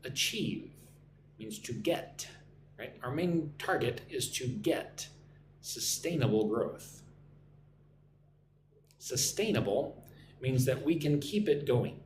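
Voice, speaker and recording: American man, online English teacher, slow deliberate pace, echoey room, faint noise behind. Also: medium pitch, lively intonation, darkish tone. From United States. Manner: slow, careful, repeats phrases for learners to shadow. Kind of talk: live-stream English lesson.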